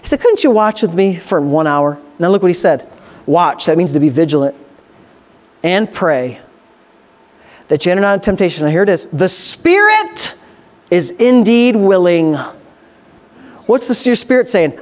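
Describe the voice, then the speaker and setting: A man delivers a sermon. He reads scripture slowly and carefully. He then builds into loud, excited exhortation, with his voice climbing. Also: sits high. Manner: swings from slow scripture reading to loud excited preaching. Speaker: preacher.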